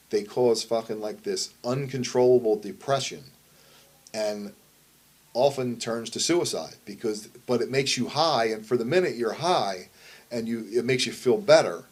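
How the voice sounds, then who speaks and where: A man's voice: mid-range voice, husky. A middle-aged man, a wrestler and promoter, telling a story in a shoot interview. He speaks bluntly, swears constantly and rambles. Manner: blunt, heavily profane, rambling.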